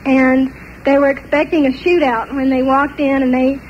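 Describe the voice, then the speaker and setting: High-voiced older woman telling a story. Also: normal speed, highs cut off, a little hiss or hum. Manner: animated, laughs often between parts of the story. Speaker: testimony speaker. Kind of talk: personal storytelling.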